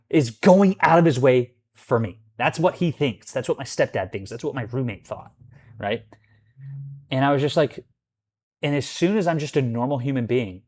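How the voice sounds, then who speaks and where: A man's voice: medium pitch, a little mellow. A young man venting to camera about his roommate and landlord, cursing often, heated and rambling with restarts. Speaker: vlogger. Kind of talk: angry venting monologue.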